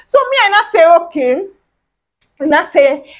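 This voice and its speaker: A woman with a Nigerian accent, a vlogger telling a lively story from her childhood and acting out the dialogue with big swings in pitch. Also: unhurried, long pauses, poor audio. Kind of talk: storytime vlog.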